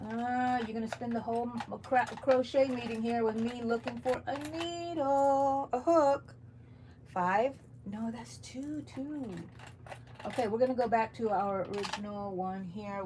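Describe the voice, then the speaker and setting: A woman's voice: fairly high pitch, measured pace, a little hiss or hum. A middle-aged woman hosting a crochet livestream from her home, rambling and greeting viewers by name. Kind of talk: chatty live-stream talk to viewers. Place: home room, overcast morning.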